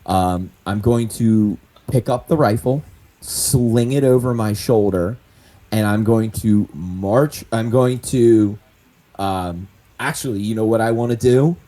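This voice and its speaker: Mellow-voiced man playing a tabletop game. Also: lowish voice, slow. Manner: animated, swears, laughs often. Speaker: player.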